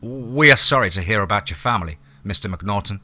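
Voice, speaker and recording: A wary young army lieutenant, put on by a male narrator, speaks with firm, officious authority. His voice comes across raised and bright, keen and strained. He is heard in a spoken horror story. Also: on the low side, animated, fairly quick, dry recording, exaggerated voice. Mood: cautious.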